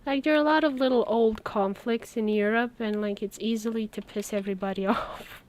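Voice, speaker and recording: A woman's voice: a little high, steady tone, a little fast, darkish tone. A woman from Romania, chatting casually on a live stream and telling stories with little laughs. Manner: chatty storytelling, laughs between words. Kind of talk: casual chat while working.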